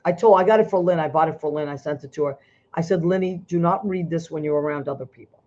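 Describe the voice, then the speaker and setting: A woman's voice: deep voice, quick pace, dark tone. A woman hosting a talk show over a video call, emotional and effusive, restarting her sentences as she speaks. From Italian-American. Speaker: host. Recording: dull lo-fi video call audio.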